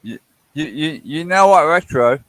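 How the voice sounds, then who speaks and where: A man's voice: fairly high pitch, expressive, a little slow, a bit bright, no room sound, low-quality recording. A man co-hosting a casual livestream chat, teasing and stammering with repeated words.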